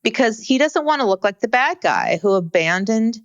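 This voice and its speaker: A woman's voice: on the high side, expressive, normal speed, no room sound, muffled recording. A woman co-hosting a podcast in casual chat, giving wry, skeptical commentary. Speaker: podcast co-host. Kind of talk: casual chat recapping a reality show.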